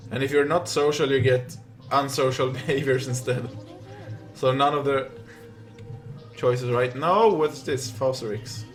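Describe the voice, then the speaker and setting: A young Swedish man with a Swedish accent chats casually on a live gaming stream, rambling through stories with many fillers. His voice is mid-range and a little slow, with soft music playing in the background.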